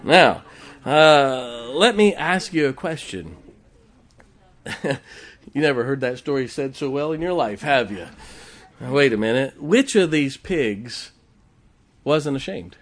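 A man's voice: medium pitch, expressive, slow pace, long pauses. A man preaching a sermon in a church, folksy and joking as he tells a story to the congregation. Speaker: pastor. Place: church sanctuary.

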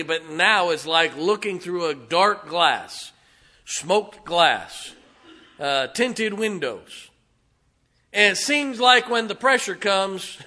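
A middle-aged man preaching a sermon, telling folksy stories and swinging from hushed asides to loud, emphatic lines. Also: high voice. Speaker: pastor.

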